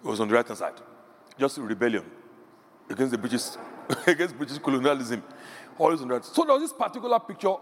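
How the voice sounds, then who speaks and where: A man's voice: mid-range voice, big pitch swings, fast, long pauses. A middle-aged man preaching a sermon, telling stories with animation and acting out the voices he quotes. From Nigeria. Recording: echoey hall, faint background hum.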